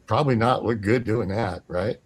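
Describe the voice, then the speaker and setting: A man's voice: on the low side, normal speed. A man telling a long story on a talk show, acting out the voices of the people he quotes. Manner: animated, acts out quoted voices. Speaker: guest.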